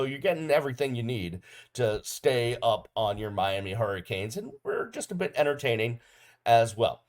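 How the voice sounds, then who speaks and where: A middle-aged man hosting a podcast, giving a casual solo game recap with plenty of ums and uhs. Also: mid-range voice. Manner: casual, relaxed delivery with frequent ums and uhs. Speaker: podcast host. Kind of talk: solo sports recap video.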